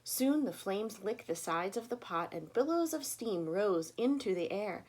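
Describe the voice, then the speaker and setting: Woman storyteller, children's read-aloud, expressive with lively, varied intonation. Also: mid-range voice, unhurried. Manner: expressive, inviting listeners to join in.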